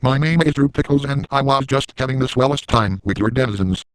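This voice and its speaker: A boastful middle-aged villain, voiced by a man, gloats through a first-person comic monologue. His tone is smooth and clean, and the recording is dry and close with no room sound. He stays gleeful and self-satisfied throughout. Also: mid-range voice, fairly quick, no echo, lightly acted, low-quality recording.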